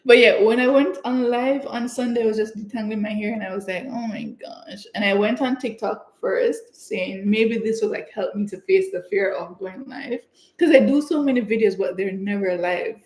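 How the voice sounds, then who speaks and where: A young woman from Canada, chatting excitedly and giggling as she hosts her own livestream. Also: medium pitch. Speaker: livestream host. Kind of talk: casual livestream chat. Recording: echoey room.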